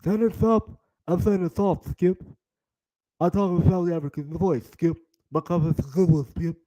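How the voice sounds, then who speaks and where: A man's voice: high-pitched, steady tone, normal speed, mellow, natural voice, poor audio. A man voicing a brash male sports pundit in a mock South African accent, playfully repeating a catchphrase. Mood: mock bravado.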